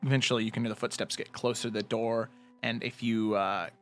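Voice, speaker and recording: A man narrating a tabletop role-playing game as game master, in a relaxed way with many fillers. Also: on the low side, a little fast, soft background music.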